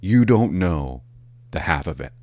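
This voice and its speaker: A man's voice: sits low, expressive, a little slow, darkish tone, no room sound, voice pushed down. A man doing a weary, resigned police sergeant.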